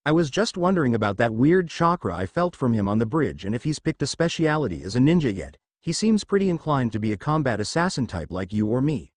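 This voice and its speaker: A man reading a smug, gruff male rogue ninja in a storybook reading, in a dry close voice. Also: medium pitch, sing-song, a little fast, hardly any pauses, dry recording.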